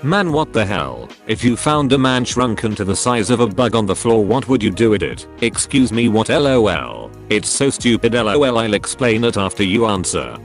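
Comedy narrator, male, lower register, dry and wry delivery reading text chats, faint music bed. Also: animated, moderate pace, few pauses. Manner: wry, reads messages aloud then comments dryly. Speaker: narrator of meme videos. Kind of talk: reading out text messages with comic asides.

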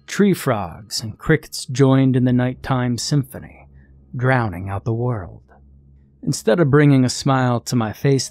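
A man narrating a scripted horror story in a measured, suspenseful way. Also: mid-range voice, darkish tone, dry recording.

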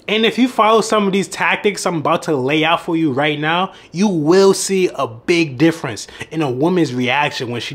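Young man telling a story, slightly high voice. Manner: laughs often, swears freely, animated self-mocking storytelling. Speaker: dating coach. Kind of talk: casual storytelling vlog.

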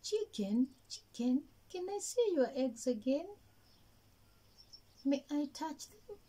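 A woman voicing an eager little rabbit, high, lively, mellow, slow, storybook. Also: full character voice. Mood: pleading.

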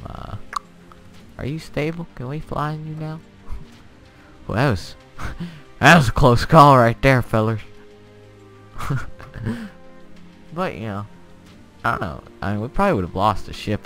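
A young man hosting a casual let's-play, chatty and excitable, with lots of fillers and little laughs to himself, keyboard clicks behind. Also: mid-range voice, unhurried, long pauses, soft background music. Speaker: gameplay channel host. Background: keyboard typing and clicking.

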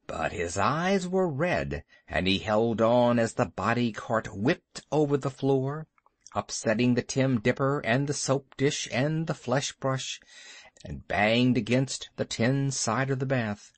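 Man, audiobook narrator, expressive storybook narration, lively pitch, dry recording. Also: takes it slowly, dry recording.

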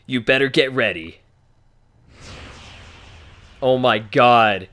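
A young man giving excited, profanity-laced commentary on his playthrough. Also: mid-range voice, takes it slowly, pauses often. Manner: hyped, swears a lot, frequent exclamations. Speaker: let's play gamer. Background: faint game music.

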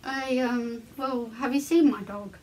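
High-voiced playful young woman. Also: unhurried, darkish tone, slight background noise. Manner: playful, laughs a lot. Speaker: friend and co-host. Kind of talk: casual chat and prank call.

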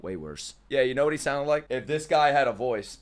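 A young man streaming an anime reaction, casual and profane, swinging between yelling and muttering. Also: mid-range voice, expressive, brisk.

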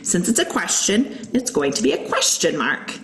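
A woman's voice: lowish voice, big pitch swings, normal speed, reverberant, slight background noise, low-quality recording. A woman teacher patiently walking young students through a writing lesson, explaining each step and reading example sentences aloud. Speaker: elementary school teacher. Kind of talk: recorded online lesson.

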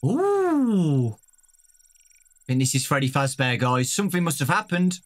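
A young British man giving excitable let's-play commentary, often shouting and exclaiming. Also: on the high side, slow pace. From Britain. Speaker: gaming YouTuber.

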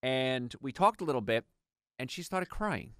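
Lively storytelling male radio host. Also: medium pitch, moderate pace, no room sound, studio quality. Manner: animated storytelling, acts out patients' lines. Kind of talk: conversational radio health talk.

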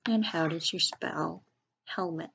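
Her voice is lowish and a bit bright as she teaches children to read. Speaking slowly and with clear enunciation, the woman breaks words into syllables and spells each one out letter by letter.

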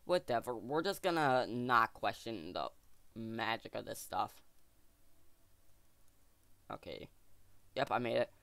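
A man commentating his own gameplay for viewers, jokey and excitable as he thinks out loud. His voice sits at an ordinary middle pitch. It is recorded close and dry, with no room sound. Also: takes it slowly, gravelly, pauses often, clear, resonant tone, no echo. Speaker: gaming channel host. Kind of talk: let's play commentary.

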